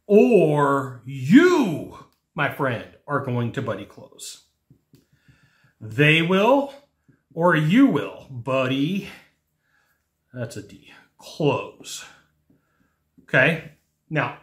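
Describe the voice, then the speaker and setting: Animated man teaching sales in echoey room. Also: medium pitch, takes it slowly, long pauses. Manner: animated, acts out whiny customer voices. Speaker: sales trainer. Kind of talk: energetic teaching monologue.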